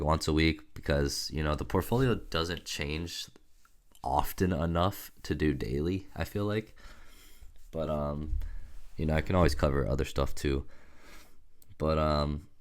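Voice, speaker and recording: Very deep-voiced sick man vlogging. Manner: loose, rambling, many fillers. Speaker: stock investing vlogger. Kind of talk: casual portfolio update to camera.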